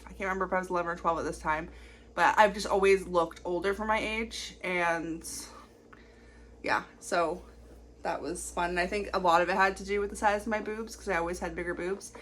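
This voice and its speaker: A young woman in her twenties talking casually to camera in a confessional vlog, rambling quickly with lots of fillers. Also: lowish voice, fairly even intonation, fairly bright tone, a little hiss or hum. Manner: chatty, rambling, fast-talking with many fillers. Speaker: vlogger.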